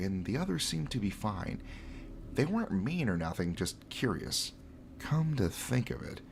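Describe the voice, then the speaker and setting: A man's voice: lowish voice, a little hiss or hum. A man voicing a male outdoorsman who camps alone in his van, reading forum posts aloud in a put-on accent.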